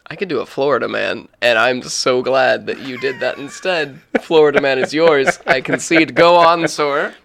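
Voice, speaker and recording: A man's voice: mid-range voice, moderate pace, creaky, hardly any pauses, a bit bright. A man hosting a casual comedy podcast, rambling and acting out silly voices as he spins a story. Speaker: podcast host.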